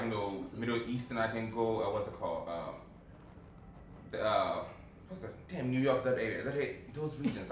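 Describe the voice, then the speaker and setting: A man hosting a casual panel chat, joking and animated, swearing freely. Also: medium pitch. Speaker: host. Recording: echoey room, distant mic, faint noise.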